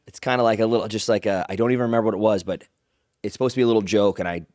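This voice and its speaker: A man telling stories as an interview guest, animated and rambling, acting out other people's lines in his own voice. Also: on the low side, racing, dry recording, clean studio sound. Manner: rambling with restarts and "like". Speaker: guest, pro wrestler. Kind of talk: casual interview storytelling.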